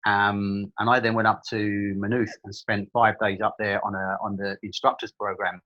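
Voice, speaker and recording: Irish man, middle-aged, low voice, quick chatty guest, lo-fi interview audio. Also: flat delivery, sharp tone. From Limerick, Ireland. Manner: chatty storyteller with frequent restarts and humour. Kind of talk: casual interview chat.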